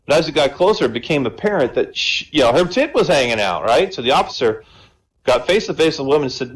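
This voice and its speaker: Very animated and fast, a man with a medium-pitched voice jokes his way through an online comedy set. He chats conversationally, tacks "right?" onto lines, and raises his voice for characters, all on a rough recording.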